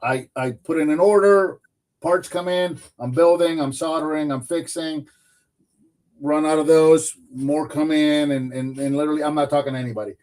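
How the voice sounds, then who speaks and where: A man's voice: on the high side, normal speed. A man hosting a livestream podcast, chatting casually and filling his talk with "like" and "dude". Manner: animated, uses "like" and "dude" a lot. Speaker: podcast host. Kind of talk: casual chat.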